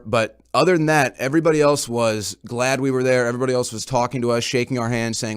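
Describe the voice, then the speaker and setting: A man's voice: medium pitch, brisk, clear, resonant tone. A man reporting on a talk show, casually recounting events in a rambling way and often repeating his words.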